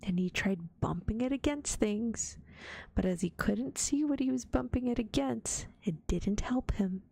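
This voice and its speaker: Slow, whispering woman reading a storybook. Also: fairly high pitch, creaky, breathy edge, no echo. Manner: gentle, unhurried whisper. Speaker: vtuber storyteller. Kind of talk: soft ASMR storybook reading.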